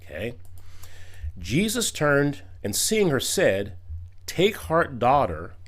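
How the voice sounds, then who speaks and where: A man's voice: mid-range voice, huge pitch swings, slow, a bit bright. A man reading Bible verses aloud and commenting on them in a video critique, emphatic, with casual asides.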